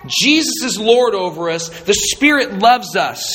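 A man's voice: sits high, lively intonation, measured pace, a bit bright, slight background noise. A man preaching a sermon, talking to the congregation in a conversational, emphatic and humorous way. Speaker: pastor. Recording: echoey hall with faint ambience.

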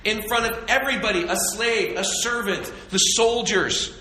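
Forceful, bright-voiced male preacher. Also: sits high, moderate pace, a little hiss or hum. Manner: animated storytelling with rhetorical questions. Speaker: pastor. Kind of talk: sermon.

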